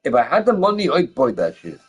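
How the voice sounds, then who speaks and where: A man's voice: a little high, a little fast, husky, soft background music, rough recording. Guy ranting on a stream, swears a lot, laughs, voice jumps all over. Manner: profane, laughing often, animated rhetorical questions. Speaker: gaming streamer chatting with viewers. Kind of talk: casual rambling chat.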